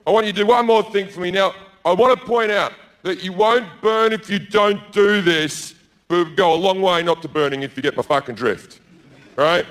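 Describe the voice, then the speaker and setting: A man's voice: high voice, normal speed. A man playing a petty, ranting God. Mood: wheedling. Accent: Australian. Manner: shouting, whiny, indignant. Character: petty bigoted male God, needy and short-tempered.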